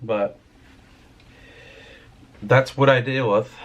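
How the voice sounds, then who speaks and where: A man's voice: mid-range voice, steady tone, drawn-out words, highs cut off, noisy background. A man venting in a casual vlog about his writing and his job, rambling and swearing as he talks. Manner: frustrated, rambling, swears freely. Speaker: vlogger and writer.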